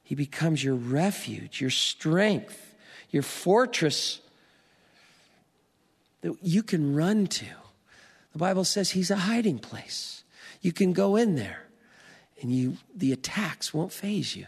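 A pastor preaching a sermon, slow and emphatic, building to rising declarations. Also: male voice, a little high, expressive, gravelly, slightly rough, in a large hall.

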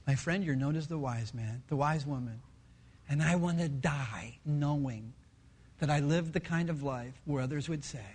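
A male pastor preaching a sermon with animated storytelling, slipping into character voices. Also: a little high, normal speed.

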